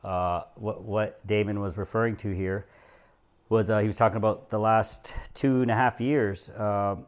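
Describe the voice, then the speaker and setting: A man working as a real estate agent, talking straight to his viewers in a vlog, excited and emotional. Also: fairly low pitch, normal speed. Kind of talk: vlog narration to camera. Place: condo overlooking the ocean.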